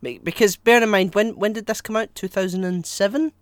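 A man's voice: sits high, a little fast, no room sound. Blunt, sweary man. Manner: blunt, swears freely, trails off with fillers. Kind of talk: casual chat.

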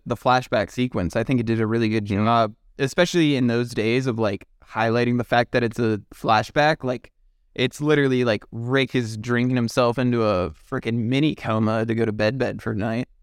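Chill guy on a movie podcast, smooth clear voice, says dude a lot, dry close mic. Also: medium pitch, normal speed, no room sound. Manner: laid-back, chummy, says "dude". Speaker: podcast co-host. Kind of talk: casual film discussion.

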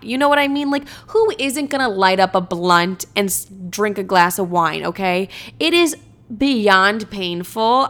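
A young woman in her twenties tells personal stories in a casual vlog. Her voice is bright and forceful, and she swears freely while acting out what she and others said with lots of drama. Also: medium pitch. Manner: animated, profane, dramatic storytelling. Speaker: storyteller.

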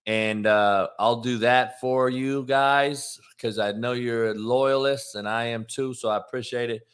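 A live show host talks loosely on his own stream, rambling before launching into profane rants at people in his chat. His mid-range voice holds a steady tone at a measured pace.

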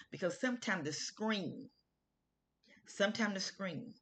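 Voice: medium pitch, a little slow, fairly bright tone. A middle-aged health video host who tells a personal story in a casual, earnest way, with informal grammar and frequent restarts.

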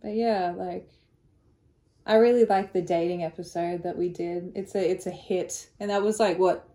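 A woman's voice: fairly low pitch, fairly even intonation, moderate pace, dark tone, roomy sound. A woman co-hosting a podcast, rambling through stories in casual chat, laughing often and swearing freely. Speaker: podcast co-host.

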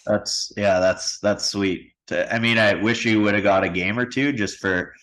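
A man hosting a podcast, chatting in a relaxed way and prompting his guest with questions. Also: lowish voice, normal speed, low-quality recording. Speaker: podcast host. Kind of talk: casual interview chat.

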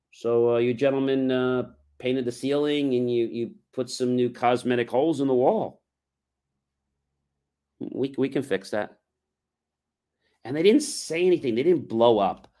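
A man hosts a livestream and tells a long personal story. He rambles and acts out what other people said, with many ums and restarts along the way. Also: mid-range voice. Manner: rambling anecdote, acting out others' lines. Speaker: livestream host.

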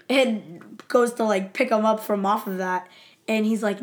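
A woman's voice: medium pitch, fairly even intonation, moderate pace. A woman co-hosting a casual recap, leading the segments and retelling scenes with giggles. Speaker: podcast co-host. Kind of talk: casual chat.

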